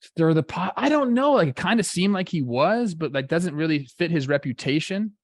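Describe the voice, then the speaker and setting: A man's voice: a little high, sing-song, moderate pace. A man in his thirties co-hosting a casual sports talk show, talking loosely and filling his speech with "like" and "dude.". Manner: loose, filler-heavy, says like and dude a lot. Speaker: podcast co-host, former ballplayer.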